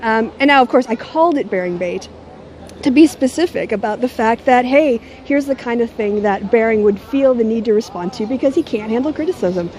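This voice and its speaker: Her voice is fairly high, animated, and a little fast, with a darkish tone. The middle-aged woman vlogs casually as a YouTuber, holding the camera at arm's length and speaking with sardonic mockery.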